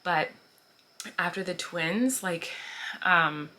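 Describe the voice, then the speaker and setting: A woman's voice: lowish voice, slow pace, sharp tone. A woman in her thirties chatting casually to camera as a vlogger, full of "like" and "um" and small laughs. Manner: chatty, frequent "like" and "um", laughs while talking. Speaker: vlogger answering viewer questions. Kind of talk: casual chat.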